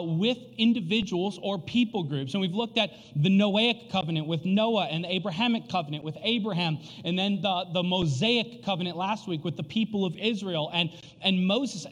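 High-voiced animated pastor in a hall. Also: male voice. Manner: animated storytelling with frequent fillers. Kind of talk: sermon. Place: church sanctuary. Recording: long reverb of a church hall.

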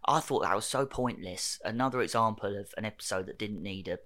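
A man's voice: fairly low pitch, a little fast, bright, forceful tone. A young English man co-hosting a podcast, talking casually, joking and trailing off mid-sentence. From England. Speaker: podcast co-host. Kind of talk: casual chat.

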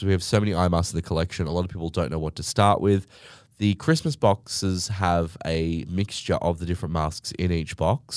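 A man's voice: low-pitched, darkish tone, no echo, clean studio sound. A man chatting alone, telling stories in a sweary, theatrical way as a show host. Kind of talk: casual monologue.

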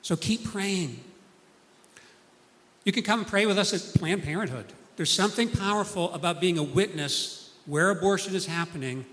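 Bright-voiced man preaching in a reverberant hall. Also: sits high, lively intonation, moderate pace. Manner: earnest storytelling, acting out quoted people. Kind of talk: sermon.

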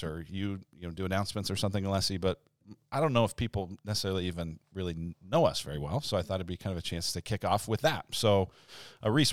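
A man in his forties, a pastor hosting a casual church podcast, easygoing and quick to laugh. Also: deep voice, no room sound, studio quality. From Denver, Colorado.

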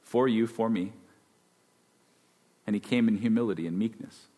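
A man's voice: lowish voice, normal speed, dark tone. A man preaching a sermon as pastor, conversational and then emphatic. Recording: long hall reverb.

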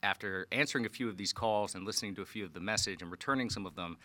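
Man cohosting a podcast, kinda under the weather, bright dry sound, wry jokey. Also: lowish voice, racing, no room sound. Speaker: podcast co-host. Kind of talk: casual chat.

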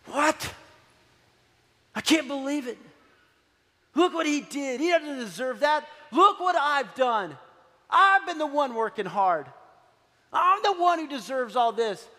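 A man's voice: very high-pitched, expressive, takes it slowly, pauses often, sharp tone, long reverb tail, pitched above the performer's own voice, exaggerated voice. A man preacher voicing a resentful, self-righteous older brother with a raised, indignant voice.

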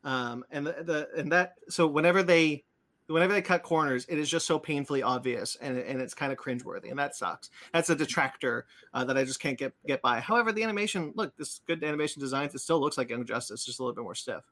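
Bright-voiced man rambling casually. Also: on the high side, fast. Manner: rambling, many fillers and restarts. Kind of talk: casual chat about comics and cartoons.

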